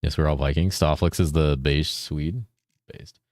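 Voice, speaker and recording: An extremely low, steady voice with a darkish tone belongs to a Californian streamer who speaks unhurriedly over a dry recording. He casually talks with viewers while gaming, reads chat aloud, swears frequently and says "dude" all the time.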